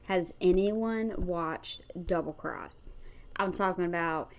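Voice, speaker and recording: A woman with a slightly low voice chats casually to her viewers, rambling through stories. Her talk is loose and full of fillers. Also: slow. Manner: chatty, rambling, with frequent fillers like "like". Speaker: reaction vlogger.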